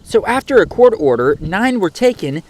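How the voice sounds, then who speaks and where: Man reporting the news, lively intonation. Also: high-pitched, normal speed.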